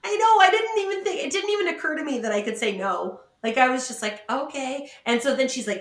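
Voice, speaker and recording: Speaking high, animated and fairly quick with few pauses, this woman tells a story on her podcast, laughing at herself and acting out other people's lines. She owns a salon, comes from the Pacific Northwest, and was recorded in an echoey room.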